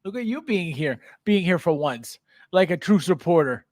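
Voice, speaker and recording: A man hosting a casual livestream, greeting viewers by name, animated and quick to laugh. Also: fairly high pitch, dry recording, clean studio sound. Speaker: livestream host.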